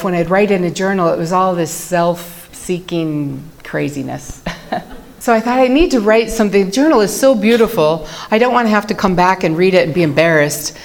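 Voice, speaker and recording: A woman giving a personal testimony to an audience, earnest and reflective, telling her story in measured phrases. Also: on the low side, a little mellow.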